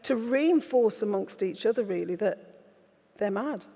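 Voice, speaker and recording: A woman's voice: mid-range voice, expressive, measured pace, gravelly, warm tone. A woman, an author telling candid, wry stories in an onstage festival conversation. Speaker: author guest. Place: festival event stage. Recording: reverberant festival hall.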